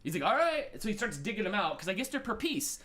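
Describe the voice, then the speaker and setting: Lively rambling man telling a story. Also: high-pitched, fast talker. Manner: rambling, animated, acts out voices of people in his story. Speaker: host. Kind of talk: casual storytelling monologue.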